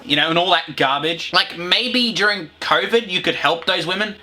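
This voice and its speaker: Crude, bright-voiced Australian man ranting. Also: high-pitched, moderate pace, hardly any pauses. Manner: crude, profane and sarcastic, laughing at his own jokes. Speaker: video reviewer. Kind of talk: ranting comedic review.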